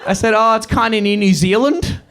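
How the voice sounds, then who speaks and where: High-voiced ranting Australian man. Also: fairly quick. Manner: profane, ranting, bursts into shouting. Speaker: stand-up comedian. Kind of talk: stand-up comedy set. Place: comedy venue with live audience. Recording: live club audio with crowd laughter and noise.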